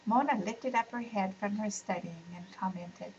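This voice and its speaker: A woman reading a children's bedtime story aloud in a gentle, soft-spoken way. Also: mid-range voice, moderate pace, few pauses, slight background noise, low-quality recording.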